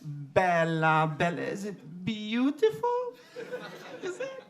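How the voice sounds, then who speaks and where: A man voicing a smooth-talking Italian man who flirts in halting English, crooning slowly and searching for words. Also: high voice, huge pitch swings, crowd noise, full character voice.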